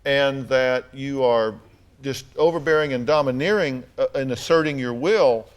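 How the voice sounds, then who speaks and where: A Southern American man hosts a talk show from a TV studio stage. He asks blunt, pointed questions one after another, with a dry humor. His voice sits at an ordinary, middle pitch. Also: moderate pace, smooth. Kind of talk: confrontational interview questioning.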